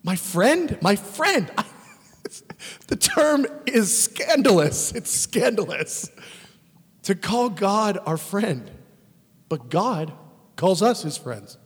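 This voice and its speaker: A man preaching a sermon as a pastor, animated and emphatic, swinging between exclamations and quiet asides. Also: high-pitched, slow pace, long pauses, husky, big-room sound.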